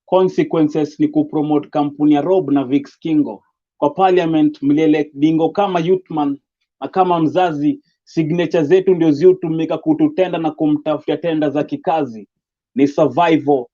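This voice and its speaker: A man's voice: fairly high pitch, steady tone, normal speed, warm tone. A young Kenyan man with a Kenyan accent, performing spoken word poetry in a rhythmic, rhyming delivery. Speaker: poet. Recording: dull lo-fi recording.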